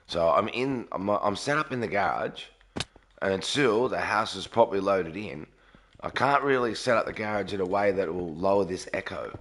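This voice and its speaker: Sleepy, hushed man streaming. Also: low-pitched, animated, normal speed. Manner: sleepy early-morning talk, kept quiet, reading chat aloud. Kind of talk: casual live-stream chat. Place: garage with echo.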